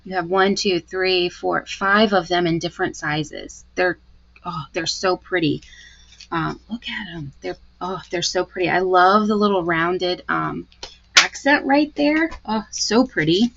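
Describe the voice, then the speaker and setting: A woman's voice: lowish voice, a little slow, gravelly, fairly bright tone, dull audio. A woman giving a live craft tutorial, chatty and gushing as she talks through each step. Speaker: card-making demonstrator.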